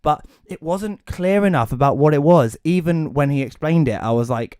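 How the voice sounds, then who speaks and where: A man's voice: medium pitch, brisk, few pauses, no echo. Ranting sweary man on a dry podcast mic. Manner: swears a lot, ranting and animated. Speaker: podcast co-host. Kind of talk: casual chat.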